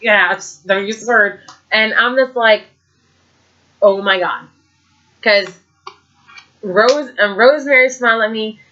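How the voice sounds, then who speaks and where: A woman hosting a casual vlog, excitedly telling a story with many fillers and acted-out reactions. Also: on the high side, unhurried, long pauses, muffled recording. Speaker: vlog host.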